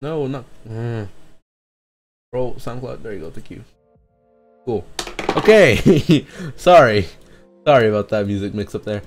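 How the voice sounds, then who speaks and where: A man's voice: mid-range voice, unhurried, pauses often. Rambling young man, swears and laughs a lot. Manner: excitable and rambling, swears a lot, laughs often, jumps between tangents. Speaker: streamer reacting to a music EP. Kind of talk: rambling casual live stream chat. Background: faint music playing.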